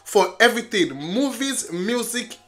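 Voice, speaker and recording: A movie reaction vlogger chatting casually, talking back to the screen and shouting warnings at the characters. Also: mid-range voice, expressive, a little slow. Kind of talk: casual live reaction to a film. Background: film soundtrack music playing.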